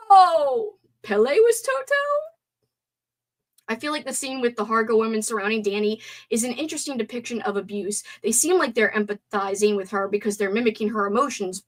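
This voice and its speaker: Excitable woman hosting a live stream. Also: fairly high pitch. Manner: animated, reads chat comments aloud, swears and gasps excitedly. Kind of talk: casual live stream movie discussion.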